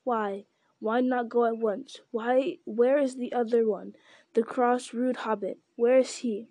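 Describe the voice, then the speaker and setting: A wretched, greedy male creature hisses and whispers his wheedling mutterings, put on by a woman reading aloud. The voice is mellow and a little high. It is recorded dry and close. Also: steady tone, measured pace, no room sound. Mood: suspicious. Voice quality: hissing, whispery. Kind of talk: audiobook narration.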